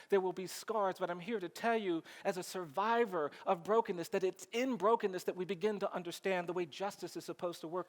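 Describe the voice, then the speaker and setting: A man giving a storytelling speech on a conference stage, in slow phrases that he repeats, building to a rousing close. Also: high-pitched. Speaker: keynote speaker. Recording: live speech in a large reverberant hall.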